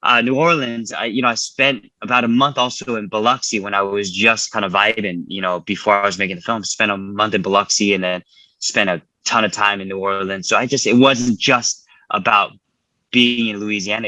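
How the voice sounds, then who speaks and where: A fairly low-voiced man from California with a very sharp, forceful tone and a dry, close sound. He answers in an earnest, halting way, restarting his words and leaning on "you know". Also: fairly even intonation, dry recording, rough recording. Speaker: filmmaker guest. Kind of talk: casual interview answers.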